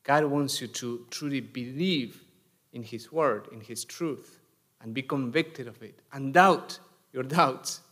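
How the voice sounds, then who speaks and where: A man, a priest, preaching a sermon in a church, deliberate and full of rhetorical questions. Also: medium pitch.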